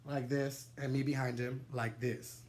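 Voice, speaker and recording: A young man telling a wild personal story to the camera, animated and dramatic, swearing freely and laughing through his digressions. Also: medium pitch, unhurried, a little hiss or hum. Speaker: vlogger. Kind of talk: storytime vlog, casual and profane.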